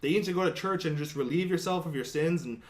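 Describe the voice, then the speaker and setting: A man's voice: fairly high pitch, fast. A man co-hosting a casual podcast chat, swearing often and acting out quotes as he tells stories. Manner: profane, animated storytelling with acted-out quotes. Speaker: podcast co-host.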